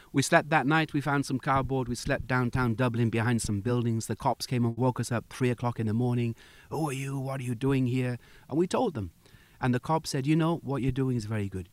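Animated male storyteller, dry close sound. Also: mid-range voice, no room sound. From United Kingdom. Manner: animated storyteller acting out quoted voices. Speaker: interview guest. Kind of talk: storytelling in a conversation.

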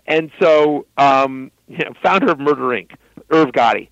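A man guest telling a story in casual talk, animated and loose, full of fillers. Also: mid-range voice, normal speed, dry recording, lo-fi sound.

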